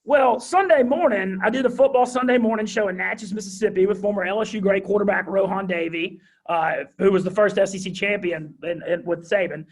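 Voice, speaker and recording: A young man with a thick Southern drawl, telling his story as an interview guest in a high-energy, animated way. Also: a little fast, few pauses. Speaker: guest, radio host.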